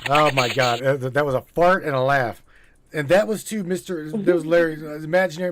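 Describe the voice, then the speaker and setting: A man's voice: a little high, steady tone, fairly quick, fairly bright tone. A male host of a live call-in show who jokes, laughs and swears while taking callers. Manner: laughing, profane, joking. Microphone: studio mic.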